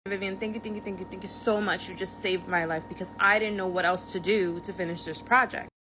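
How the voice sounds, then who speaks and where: A woman's voice: medium pitch, steady tone, background noise, lightly acted. Woman playing a flustered young library patron. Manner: rushed, anxious explaining.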